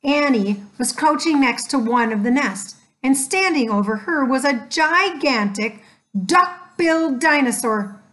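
Slow, gentle woman reading a storybook. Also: high voice, lively intonation. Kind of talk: scripted storybook narration.

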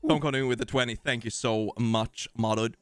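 A man's voice: mid-range voice, fairly even intonation, a little fast, dry recording, soft background music. Swedish man joking through a stream. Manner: jokey, rambling, thanking viewers. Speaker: streamer host. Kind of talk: casual live-stream chat.

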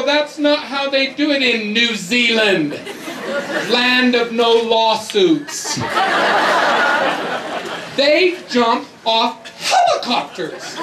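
A middle-aged man from North America giving a humorous, emphatic storytelling sermon to a youth audience. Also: extremely high pitch. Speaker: youth conference speaker. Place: large hall with audience. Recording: echoey hall, distant mic, audience noise.

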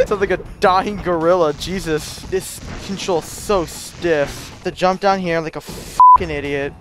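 A man's voice: high voice, a little slow, pushed and bright, a little hiss or hum. A man giving casual commentary while playing a video game, frustrated, swearing often and muttering to himself. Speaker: let's play gamer. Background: game music.

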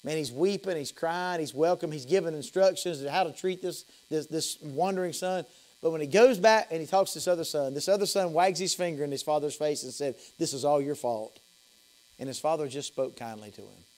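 A man, a pastor preaching an evening sermon in a church. His preaching swings between high, loud passages and soft, low ones, and he often repeats and restarts phrases. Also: fairly quick, low-quality recording. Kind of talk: evening sermon with altar call. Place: church sanctuary.

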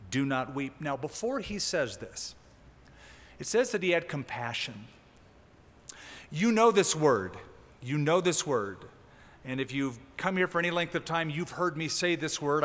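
A man preaching a sermon as a pastor, teaching in a conversational way with lively emphasis. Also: fairly high pitch, big-room sound. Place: church sanctuary.

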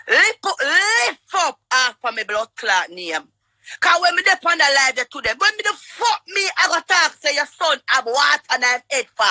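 Loud, bright-voiced Jamaican woman shouting. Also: high-pitched, sing-song, no room sound. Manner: shouting, cursing, rapid-fire. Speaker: livestream guest. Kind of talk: heated livestream quarrel.

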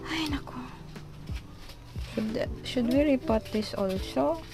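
A Filipino woman and mother vlogging casually while repotting plants, flustered and exclaiming, talking herself calm. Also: high-pitched, slow, music in the background. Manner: flustered, exclaiming, self-soothing.

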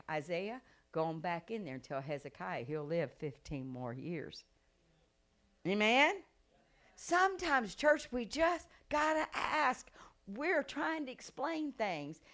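A woman evangelist preaches. Her voice sits in a middle register, neither high nor low. She moves between loud, rousing shouts and quiet, hushed passages. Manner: dramatic preacher who swings from shouting to hushed. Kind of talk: sermon.

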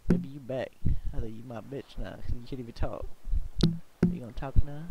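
A man's voice: medium pitch, a little fast. A man taunting other players in a mocking, teasing drawl over voice chat. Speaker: game trolling video host. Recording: noisy voice chat capture.

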